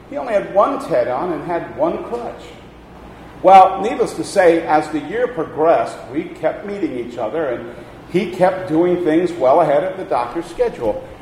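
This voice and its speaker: A man's voice: fairly high pitch, a little mellow, slight background noise. Male pastor preaching in an echoey hall. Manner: storytelling, folksy and emphatic. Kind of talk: sermon. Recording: echoey hall with long reverb.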